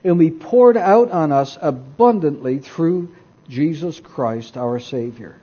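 Male preacher, slow and deliberate, husky mellow voice, dull lo-fi recording. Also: on the high side, lively intonation. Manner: deliberate, emphatic, asks the listeners rhetorical questions. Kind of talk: sermon with scripture reading.

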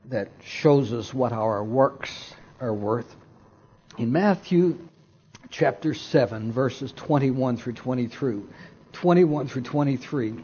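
Male preacher, slow and deliberate, husky mellow voice, dull lo-fi recording. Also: mid-range voice. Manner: deliberate, emphatic, asks the listeners rhetorical questions. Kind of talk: sermon with scripture reading.

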